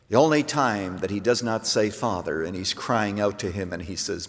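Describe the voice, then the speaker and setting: A pastor preaching a sermon, swinging between hushed, low phrases and emphatic lines. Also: male voice, moderate pace, few pauses. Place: church sanctuary. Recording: long reverb of a church hall.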